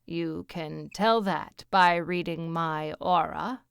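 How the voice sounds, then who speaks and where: A woman's voice: fairly low pitch, fairly even intonation, takes it slowly, vocal fry, clear, resonant tone, no echo, clean studio sound. A woman voicing a brash, self-absorbed woman on a date, with a Bronx accent and a gushing, over-eager way of talking.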